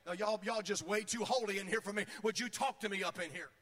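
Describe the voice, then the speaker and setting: Pastor, male, high and bright, preachy delivery that rises into shouted, sung lines, big reverberant sanctuary. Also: quick pace. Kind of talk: sermon. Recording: long hall reverb.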